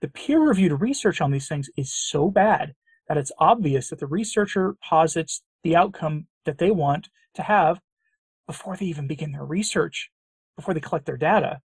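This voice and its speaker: A man's voice: a little high, lively intonation, normal speed, slightly rough, no echo. A middle-aged man from the United States hosting a commentary show, reading news quotes and answering them with emphatic sarcasm. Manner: sarcastic, emphatic, with repeated phrases. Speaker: commentary channel host.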